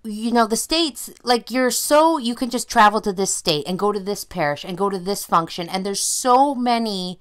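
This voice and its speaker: A woman's voice: medium pitch, lively intonation, normal speed, few pauses, smooth. A Canadian woman co-hosting a podcast, chatting in a rambling way and laughing easily. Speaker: podcast co-host. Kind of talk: casual chat.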